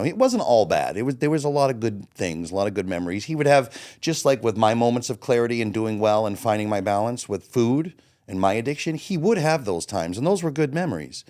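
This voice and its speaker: A man in his late forties, a guest telling his own story in a candid, blunt way, swearing freely and acting out his own past thoughts. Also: lowish voice. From Florida. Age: 40s. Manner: blunt, swears freely, animated when quoting himself. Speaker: interview guest.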